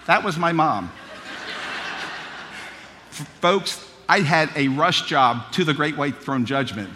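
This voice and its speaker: A man's voice: a little high, animated, a little slow, pauses often, pushed and bright, big-room sound, a little hiss or hum. A man preaching a sermon, telling childhood stories in a folksy, humorous way. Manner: folksy storytelling, humorous asides.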